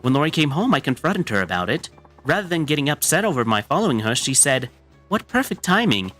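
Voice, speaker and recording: A man voicing a distraught middle-aged mother in a game dub, with a high, wavering, pleading voice. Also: sing-song, brisk, a bit bright, soft background music. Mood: worried.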